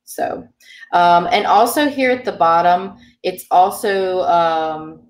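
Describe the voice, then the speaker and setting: A woman with a lowish voice teaches a beginner language class. She explains grammar patiently, with plenty of ums. She sounds a little distant from the mic, in a roomy space. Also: expressive, slow.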